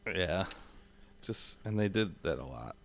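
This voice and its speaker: A man's voice: deep voice, animated, measured pace, creaky. A man co-hosting a casual movie review podcast, laughing often and acting out film lines. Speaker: podcast co-host.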